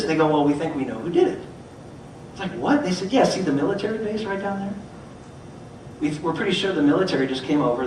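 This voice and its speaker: Middle-aged guy telling a story on stage, slightly high voice, big echo, mic kinda far off. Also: slight background noise. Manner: animated, acts out voices in his stories. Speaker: motivational speaker. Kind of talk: storytelling talk. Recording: echoey hall, mic from far off.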